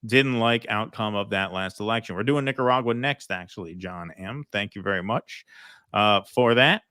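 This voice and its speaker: A man's voice: lowish voice, moderate pace, pushed and bright, smooth, no echo, clean studio sound. A man hosting a casual political livestream, reading out viewer comments and thanking donors, chatty with many ums and restarts. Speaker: host reading viewer super chats.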